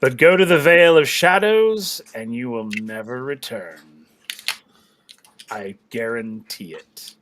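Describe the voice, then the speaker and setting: A man voicing a deep, ominous male spirit who taunts and threatens in a slow, resonant voice. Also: noisy background. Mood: menacing. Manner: menacing, taunting.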